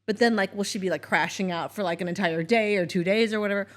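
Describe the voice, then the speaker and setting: A middle-aged woman co-hosting a casual chat show, telling a family story in an animated way and acting out the voices with laughs. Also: medium pitch, quick pace. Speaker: co-host, mother of the other host.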